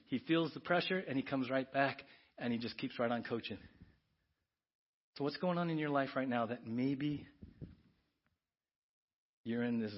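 A man preaching a sermon as pastor, emphatic and earnest, then praying softly. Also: mid-range voice. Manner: earnest, emphatic preaching that drops to soft prayer. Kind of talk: sermon with closing prayer. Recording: dull lo-fi church audio.

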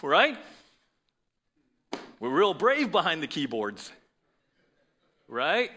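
A man's voice: a little high, huge pitch swings, very slow, noisy background. A man preaching a sermon to his congregation, in a conversational style with frequent "right?" asides. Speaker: pastor.

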